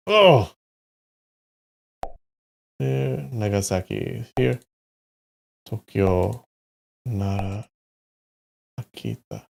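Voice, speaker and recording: Gravelly, slow-talking male streamer. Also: fairly low pitch, dark tone. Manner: muttering place names to himself, with sudden frustrated outbursts and swearing. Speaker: live streamer. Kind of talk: casual live-stream commentary while playing a map quiz.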